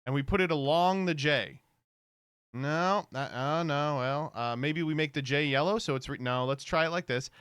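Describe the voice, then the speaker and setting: A man's voice: a little high, normal speed, a bit bright, clean tone, dry recording, studio quality. A man streaming casual reaction commentary, rambling and swearing freely, with frequent laughs. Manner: rambling, profane, laughs often.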